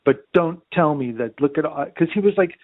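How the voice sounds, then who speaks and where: A man's voice: on the high side, lively intonation, moderate pace, no echo. A man hosting a casual chat, telling his own profane anecdote. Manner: short backchannel replies, profane anecdote. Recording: dry tinny phone-like sound.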